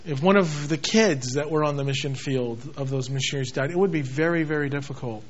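High-voiced pastor preaching with dramatic swings. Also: male voice, a little fast. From United States. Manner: dramatic, shifts between shouting and quiet intensity. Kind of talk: sermon. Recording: dull lo-fi sound.

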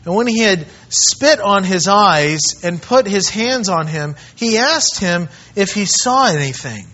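A man preaching a sermon as pastor, animated, acting out the voices of people in the story. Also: high voice, unhurried, dull audio. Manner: animated preaching, acts out the disciples. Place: church.

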